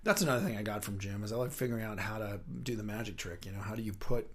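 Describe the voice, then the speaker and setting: A middle-aged man with a fairly low voice talks as a guest in a casual interview. He rambles in a chatty way, breaking off and restarting his sentences as he thinks. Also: very fast, a bit bright, breathy edge. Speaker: guest, puppetry writer and director.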